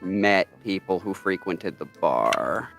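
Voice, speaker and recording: Jaleent, a man doing a deeper, scratchy hermit voice. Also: lively intonation, takes it slowly, vocal fry, fairly bright tone, full character voice. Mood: apologetic. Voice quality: slightly scratchy.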